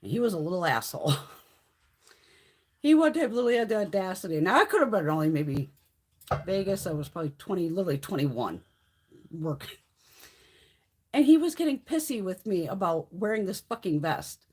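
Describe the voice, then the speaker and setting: Woman, middle-aged, husky, lively swings in pitch, blunt and profane, casual livestream chat. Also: fairly quick, pauses often. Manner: profane, blunt storytelling with frequent swearing and laughs. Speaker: beauty livestream host.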